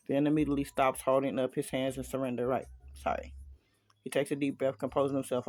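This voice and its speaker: A man's voice: mid-range voice, little pitch movement, fast talker, darkish tone, no echo, faint music behind. A man casually reading a fan story aloud, dropping chatty asides to listeners. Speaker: story reader.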